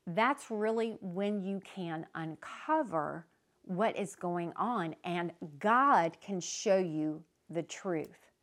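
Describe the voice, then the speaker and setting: A woman with a medium-pitched voice hosts a faith-based podcast talk. Her manner is earnest, conversational and reflective, and she sometimes stops to search for the right word.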